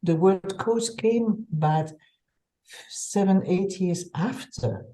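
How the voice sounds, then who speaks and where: Over a low-quality recording, a woman from Belgium who works as an executive coach recounts stories in an interview-style conversation. She takes her time, her pitch is medium, and she's lively, frequently starting her words over.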